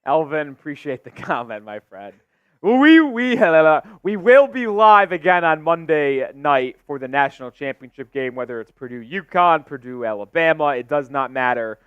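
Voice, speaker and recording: A man hosting a live sports stream, calling play-by-play and getting excitable on big plays. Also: a little high, moderate pace, hardly any pauses, clear, resonant tone, no room sound, dull audio.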